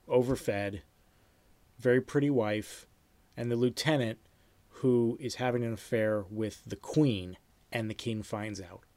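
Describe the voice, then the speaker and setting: A man teaching a class, reading film anecdotes aloud in a lively storytelling manner and acting out little sound effects. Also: mid-range voice, no echo. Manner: animated storyteller, acts out sound effects, repeats himself. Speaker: screenwriting teacher.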